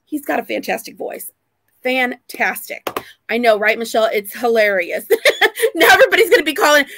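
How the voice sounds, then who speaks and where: Excitable high-pitched woman vlogger. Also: a little fast, creaky. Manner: excitable, gushing, laughs often. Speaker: vlog host. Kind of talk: casual chat on a live vlog.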